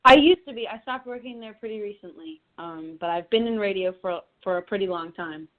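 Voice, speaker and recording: A woman's voice: mid-range voice, brisk. A young woman from Connecticut, a singer-songwriter, chatting in a phone interview, laughing easily and often restarting her sentences. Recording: tinny phone line.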